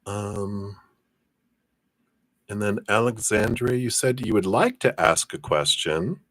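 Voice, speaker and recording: A man giving a live-streamed card reading, chatting to viewers by name and passing on messages in a drawn-out, hesitant way. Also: on the low side, expressive, a bit bright, dry recording. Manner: chatty, reads viewer names and passes on spirit messages. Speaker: tarot reader.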